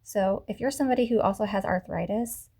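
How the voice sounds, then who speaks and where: A woman with a mellow, warm voice gives a beginner crochet lesson, speaking to a camera as she works. She talks patiently through each stitch, repeats steps slowly and corrects herself as she goes. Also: medium pitch, husky. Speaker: crochet teacher. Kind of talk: tutorial instruction. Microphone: camera mic.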